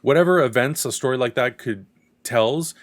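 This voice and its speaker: A man's voice: mid-range voice, normal speed. A man hosting a casual fan discussion, talking enthusiastically and a little rambling before signing off to viewers. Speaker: podcast host.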